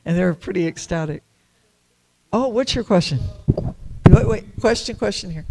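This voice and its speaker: A woman's voice: fairly low pitch, animated, moderate pace, gravelly, very noisy. A woman giving a devotional class at a temple, chatty and storytelling, laughing often.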